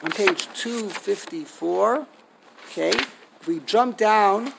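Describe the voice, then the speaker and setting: A man giving a lecture on a liturgical poem, halting and restarting often and asking himself rhetorical questions. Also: sits high, vocal fry, background noise. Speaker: Torah teacher.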